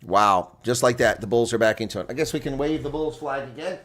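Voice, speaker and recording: A man doing live reaction play-by-play of a rugby match, leaping up in excitement at big plays. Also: mid-range voice, fast.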